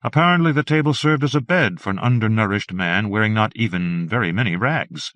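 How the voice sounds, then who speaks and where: A man reads a horror story aloud in a measured, steady manner. His voice sits fairly low. The recording is dry, with no room sound. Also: dry recording. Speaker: audiobook narrator. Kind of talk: scripted narration.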